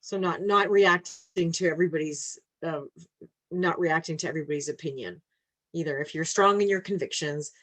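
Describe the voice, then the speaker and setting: A woman hosting a webinar over a video call, reading audience questions and affirming her guest in a relaxed way. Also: deep voice, moderate pace. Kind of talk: casual moderated webinar conversation.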